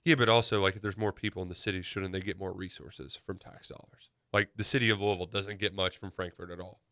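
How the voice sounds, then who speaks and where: A chatty man co-hosts a radio show, loose and casual and full of "like." His voice is bright and smooth. The sound is close and dry. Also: low-pitched, fairly even intonation, quick pace, dry recording. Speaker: co-host of a radio sports and politics show. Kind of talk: casual talk-radio banter.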